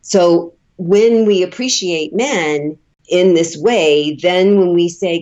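A woman's voice: fairly low pitch, slow pace, highs cut off. A woman relationship coach, a podcast guest, telling candid, folksy stories and acting out the dialogue. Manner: animated storyteller, acts out dialogue, laughs often; candid, folksy, uses casual swearing. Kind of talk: conversational podcast interview.

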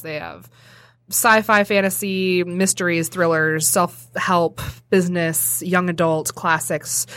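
A woman's voice: fairly low pitch, a little slow, fairly bright tone, no room sound. A woman hosting a casual podcast, reading an ad in a chatty, giggly, ad-libbed way. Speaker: podcast host. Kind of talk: casual podcast chat with ad read.

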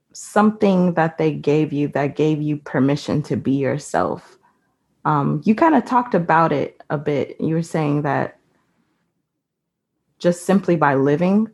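A woman's voice: deep voice, creaky, a little mellow, breathy edge. A woman interviewing a guest in a curious, chatty way. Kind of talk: casual interview chat.

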